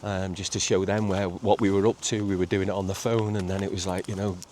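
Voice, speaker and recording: A middle-aged man, chatting casually in a walking vlog on a seaside promenade, halting with many repeats and fillers. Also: sits low, flat delivery, a little mellow. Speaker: vlogger. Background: faint outdoor ambience with traffic and seagulls.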